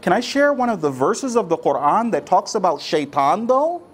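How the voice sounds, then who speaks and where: Guy giving a sermon, super animated voice, keeps asking rhetorical questions. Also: sits high, moderate pace. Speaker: religious speaker. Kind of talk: sermon to a congregation.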